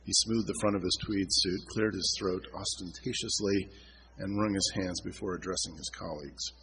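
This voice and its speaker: A man's voice: sits low, steady tone, moderate pace, fairly bright tone, slight background noise, rough recording. A man reading aloud from his own novel at a convention, with small slips and restarts. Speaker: author reading his book.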